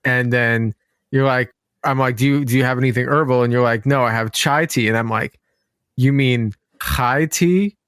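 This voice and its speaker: A woman's voice: extremely low pitch, fairly even intonation, moderate pace, no room sound, clean studio sound. A young woman co-hosting a podcast in casual chat, a playful storyteller who acts out the conversations she retells. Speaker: podcast co-host.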